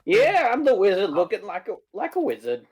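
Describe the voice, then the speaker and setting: A man's voice: sits high, huge pitch swings, fairly quick, a little mellow, breathy edge. A man playing in a tabletop game, chatting in a hesitant, self-conscious way with many restarts. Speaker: player. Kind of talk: casual tabletop game chat.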